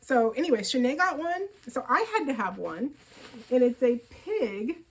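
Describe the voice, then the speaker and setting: A woman hosting a knitting podcast, chatting casually about her yarn purchases in an excitable, rambling way with frequent laughs. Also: sits high, moderate pace, breathy edge, low-quality recording.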